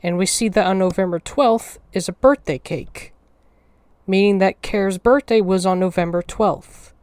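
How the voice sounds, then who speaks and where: A woman's voice: medium pitch, unhurried, darkish tone, dry recording. A woman narrating a game commentary, thinking aloud, emotional and swearing freely. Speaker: video essayist. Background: faint music.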